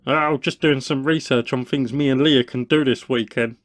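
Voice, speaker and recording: A man's voice: medium pitch, fairly even intonation, normal speed, lightly acted. A man voicing a sly young male neighbour, teasing and dryly sarcastic. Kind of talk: cartoon voice acting.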